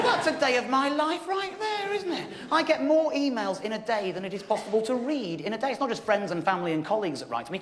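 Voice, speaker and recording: A man's voice: very high voice, a little hiss or hum. A man in his thirties telling a stand-up comedy story, wry and exasperated, mocking himself as he goes. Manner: wry, exasperated, self-mocking delivery with frequent laughter. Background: audience laughter.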